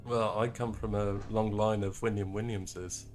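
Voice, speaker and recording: A man's voice: lowish voice, fairly even intonation, a little slow, a little mellow, faint music behind. A man co-hosting a livestream, making dry, joking asides in casual chat. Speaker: livestream co-host.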